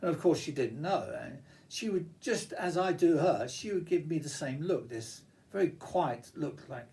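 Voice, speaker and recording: Older man reminiscing, lively pitch. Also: moderate pace, a little hiss or hum. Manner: reminiscing, digressive, frequent restarts and fillers. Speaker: vlogger. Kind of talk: rambling personal monologue.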